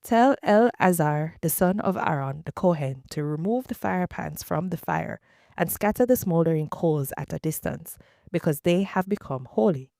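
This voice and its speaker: A woman's voice: low voice, animated, moderate pace, creaky, a little mellow, no echo, clean studio sound. A woman reading the lines of a wrathful male divine voice that issues commands. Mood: commanding.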